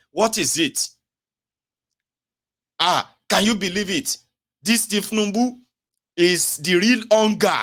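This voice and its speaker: Brief: Nigerian male commentator, Pidgin-inflected accent, mocking satirical rant, fairly high voice, bursts of loud outrage then quiet asides. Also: unhurried. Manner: animated, mocking, swings between loud rants and low mutters. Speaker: political commentator. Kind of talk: satirical political monologue.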